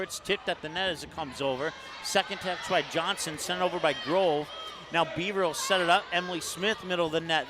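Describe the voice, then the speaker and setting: A man with an Upper Midwest American accent doing play-by-play commentary on a high school volleyball match in a gym, calling plays fast and shouting on big points. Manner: rapid calls that rise to shouts on big plays. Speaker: play-by-play announcer. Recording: noisy gym broadcast.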